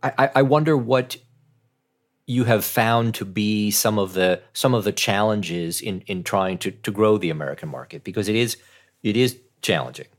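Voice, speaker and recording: A man's voice: fairly low pitch, moderate pace. A man hosting a podcast, asking long questions with frequent restarts and repeated words. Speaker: podcast host.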